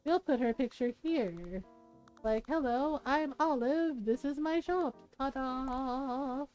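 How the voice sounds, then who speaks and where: A woman's voice: on the high side, warm tone. A woman streaming a life-sim game, chatting casually, telling stories and laughing often. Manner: chatty, storytelling, laughs often, playful quoted voices.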